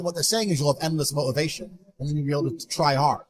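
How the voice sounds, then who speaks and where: A man giving an interview, talking in a blunt, forceful, emphatic way. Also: on the high side, very fast. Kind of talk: motivational interview talk.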